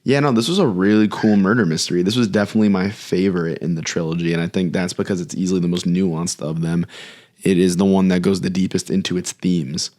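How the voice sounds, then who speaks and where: A man with a very deep voice co-hosts a movie podcast. He speaks in an earnest, thoughtful way, laying out his views in full sentences during a casual chat. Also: steady tone, fast talker, a little mellow. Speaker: podcast co-host.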